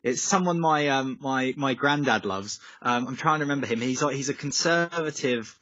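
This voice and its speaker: A man's voice: mid-range voice, moderate pace, a bit bright, no room sound. A young man, a musician, chatting over a video call, rambling with lots of fillers and tangents. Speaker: musician guest. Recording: slightly dull, dry call audio.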